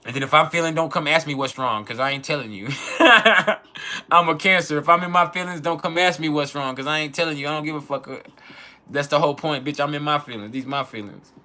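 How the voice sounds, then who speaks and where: Profane animated man with a bright voice. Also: on the high side, a little fast. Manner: profane, animated, laughs often, acts out quoted arguments. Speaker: astrology channel host. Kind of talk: casual unfiltered chat.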